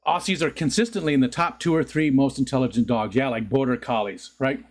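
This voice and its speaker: A man in a home room talks loosely to a live chat audience, rambling from one thought to the next and breaking into easy laughter. His voice sits at an ordinary middle pitch, caught on a desk mic. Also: a little fast. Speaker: livestream host. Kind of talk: casual chat to live viewers.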